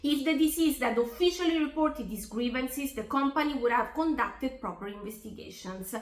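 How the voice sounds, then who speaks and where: A woman's voice: sits high, normal speed, reverberant. A woman narrating a true story in a scripted way, reading out text messages with earnest indignation.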